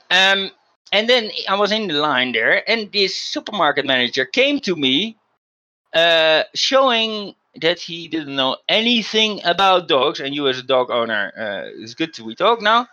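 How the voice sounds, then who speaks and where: A man's voice: on the high side, pushed and bright, low-quality recording. A man hosting a podcast, telling a story in a casual, emphatic way with frequent restarts. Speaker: podcast host.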